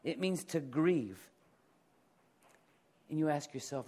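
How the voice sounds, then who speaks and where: A man's voice: fairly high pitch, lively intonation, slow, mellow, slightly rough. A middle-aged male pastor preaching a sermon in a conversational way, asking the congregation to repeat words after him.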